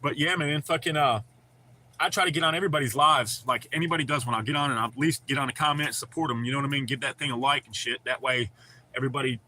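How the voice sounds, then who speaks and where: A man's voice: medium pitch, quick pace, sharp tone, slight background noise. A man hosting a livestream, chatting casually with viewers, laughing often and swearing freely. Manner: profane, laid-back, laughs often. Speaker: livestream host.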